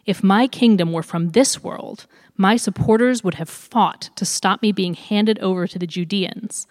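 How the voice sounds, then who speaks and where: A woman voicing a calm male prisoner who answers in measured, composed replies, in a reverberant room. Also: mid-range voice, close to an everyday voice. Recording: long hall reverb.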